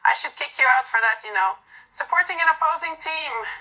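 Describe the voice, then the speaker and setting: Girl reading out a clingy-sweet protective bestie who calls you sweetheart nonstop, brightish higher voice, teasing. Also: expressive, a little fast, muffled recording. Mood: mock outrage. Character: doting playful woman best friend, protective. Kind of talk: reading a fan role-play script aloud.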